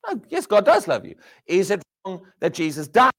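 A man preaching a sermon, asking the crowd rhetorical questions and dropping from loud emphasis to hushed words. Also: sits high, wildly swooping pitch, moderate pace, breathy edge.

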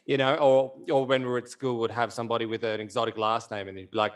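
A man's voice: medium pitch, quick pace, hardly any pauses. A male podcast co-host chatting casually, rambling and restarting his sentences. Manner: rambling, hesitant phrasing.

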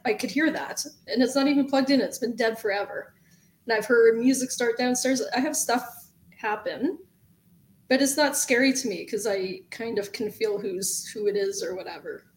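Woman, podcast co-host, casual chat, playful, laughs a lot, reverberant room. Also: a little high.

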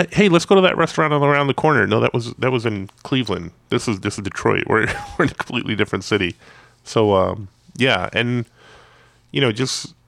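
A man's voice: sits low, vocal fry, fairly bright tone, dry recording. A man, a comic artist guest, telling casual anecdotes in a rambling way with many restarts. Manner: rambling, self-repeating storyteller.

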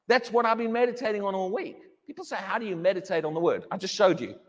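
High-voiced man preaching in an echoing hall. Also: lively intonation, fast talker. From England. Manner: emphatic, repeats words, mocks a wailing believer in a high voice. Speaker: pastor. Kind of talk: sermon. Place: church hall. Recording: long hall reverb.

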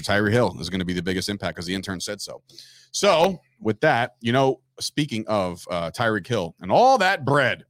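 A man's voice: mid-range voice, fairly bright tone, dry recording. A man hosting a sports talk show, joking and teasing his co-hosts in a studio. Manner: brash, joking, quick to tease. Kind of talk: casual sports radio chat.

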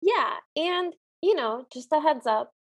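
A woman's voice: sits high, lively intonation, measured pace. A woman co-hosting a podcast, describing an old cartoon in a playful, enthusiastic way. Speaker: podcast co-host. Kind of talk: casual review chat.

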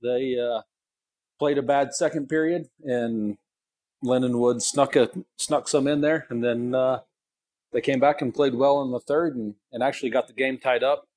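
A man's voice: mid-range voice, steady tone, moderate pace, darkish tone, dry recording. A man with an everyday mid-range voice rambles through a funny home story, chuckling as he goes. He is calling into a podcast from his car in the garage. The sound is dry and close. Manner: rambling, self-deprecating storyteller, laughs often. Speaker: co-host. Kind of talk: casual phone-in podcast chat. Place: sitting in a parked car in a garage.

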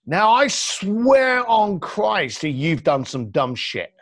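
A man's voice: sits high, slow pace, no room sound, studio quality. A man, a podcast guest, talking bluntly and acting out other people's lines. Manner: blunt, animated storyteller who acts out quotes. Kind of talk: podcast interview.

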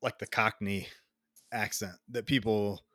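Podcast host: American man, low voice, slow unhurried pace, casual and curious. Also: fairly even intonation, sharp tone, no echo, clean studio sound. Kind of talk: casual chat.

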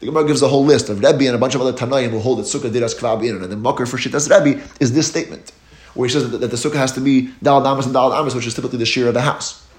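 A man giving a Talmud lecture, explaining each step in a steady teaching cadence and lifting his voice on key terms. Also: mid-range voice, rapid-fire. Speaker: Torah teacher. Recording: echoey room.

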